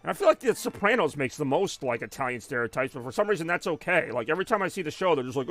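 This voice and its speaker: A man's voice: fairly high pitch, sing-song, racing, few pauses, fairly bright tone. A young man chatting casually and rambling while he plays a video game on a live stream. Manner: rambling, conversational, many fillers.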